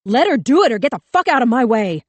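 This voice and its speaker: A woman's voice: fairly high pitch, big pitch swings, fast talker, dry recording, pitched above the performer's own voice. A woman voicing a screaming panicked cop. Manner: shouting, frantic. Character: panicked young male cop, terrified, screaming. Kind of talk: audiobook character voice.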